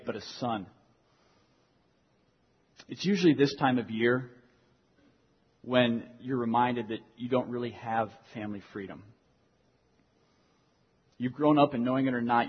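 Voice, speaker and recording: Young guy pastor preaching, earnest, repeats stuff for emphasis, kinda husky, echoey hall. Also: medium pitch. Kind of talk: sermon. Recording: dull lo-fi sound in a reverberant hall.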